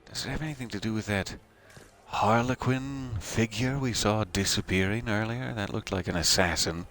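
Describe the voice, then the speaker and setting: A man's voice: on the low side, moderate pace, fairly bright tone. A man giving casual, joking commentary while playing a video game as the host of a let's play. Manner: joking, self-deprecating asides.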